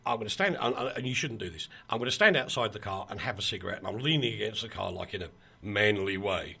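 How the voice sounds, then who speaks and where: A male radio host who swings his voice up and down as he tells stories. His tone is bright and husky, and his delivery is animated. He acts out the voices of the people he quotes. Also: fairly low pitch, quick pace. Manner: animated, laughing storyteller with mock quotes. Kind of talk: casual chat, storytelling.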